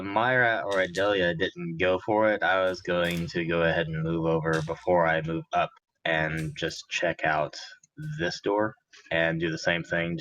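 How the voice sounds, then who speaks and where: A man's voice: sits low, a bit bright, lo-fi sound. A man talking as a player in a tabletop game, laid back as he explains his character's moves. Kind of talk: casual tabletop play.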